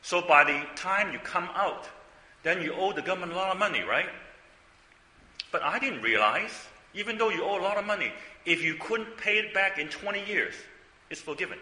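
A man's voice: high-pitched, animated, normal speed, pushed and bright. Older man preaching in an echoey hall. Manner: conversational storytelling, frequent asides and rhetorical questions. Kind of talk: sermon.

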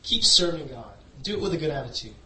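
A man's voice: on the high side, very animated, fast talker, bright, forceful tone. A man preaching a sermon through a personal story, in a loose conversational way full of "you know". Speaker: pastor. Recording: echoey room, voice from a distance.

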